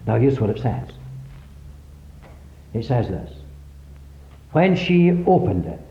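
A man preaching a sermon, emphatically questioning the congregation, with sudden swings in loudness. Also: mid-range voice, very animated, takes it slowly. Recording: echoey, dull lo-fi recording.

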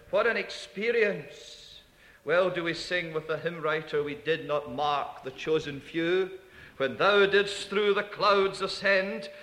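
A man preaching a sermon, emphatic, repeating key phrases and dropping to hushed asides. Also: high-pitched. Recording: echoey hall.

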